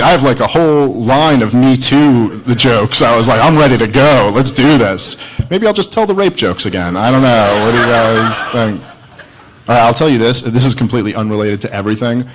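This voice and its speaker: To kick off a debate, a stand-up comedian with a lowish voice tells a rambling, self-deprecating story to a live audience who laugh along. The poor audio has a little hiss or hum.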